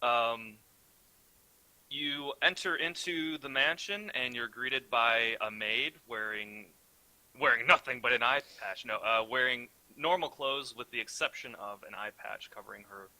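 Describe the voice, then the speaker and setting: Bright-voiced young man running a tabletop game. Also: mid-range voice, unhurried, rough recording. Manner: rambling, self-correcting, swears casually. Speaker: game master.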